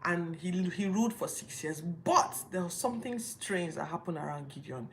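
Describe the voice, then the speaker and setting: A woman's voice: fairly low pitch, lively intonation, moderate pace. A woman hosting a Bible podcast, retelling scripture casually with incredulous rhetorical questions. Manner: informal retelling with restarts.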